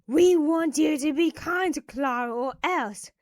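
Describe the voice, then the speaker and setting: A woman voicing a stern masked kidnapper man in an animated story, giving firm, threatening ultimatums. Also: sits high, unhurried.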